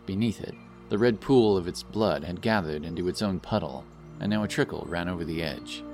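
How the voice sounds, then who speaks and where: A man narrating a fantasy novel in a steady storytelling manner, over background music. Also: low voice, brisk. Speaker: audiobook narrator.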